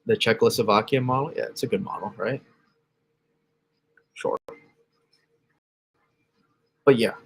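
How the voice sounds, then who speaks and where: A husky, creaky male voice on the low side speaks unhurriedly and pauses often. He's a weather channel host doing casual livestream analysis, rambling over model maps, correcting himself, and replying to chat.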